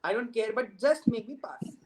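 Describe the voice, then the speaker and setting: A man's voice: extremely high pitch, lively intonation, normal speed. A man in his thirties with an Indian English accent, a film director chatting as a guest, very talkative and laughing often as he tells stories. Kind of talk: casual storytelling. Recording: noisy recording with clicks.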